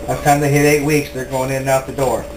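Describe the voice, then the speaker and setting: A woman's voice: extremely low pitch, little pitch movement, fast talker, roomy sound, background noise. A woman sitting on the floor with puppies and talking baby talk to them. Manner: coos and sing-songs at the puppies. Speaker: visitor playing with puppies.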